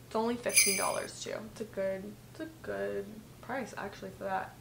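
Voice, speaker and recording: A woman in her twenties chats casually in a gift-guide vlog filmed on a vlog camera in her bedroom, saying "like" a lot. Her mid-range voice is gravelly and fairly bright with fairly even intonation and a moderate pace, over slight background noise.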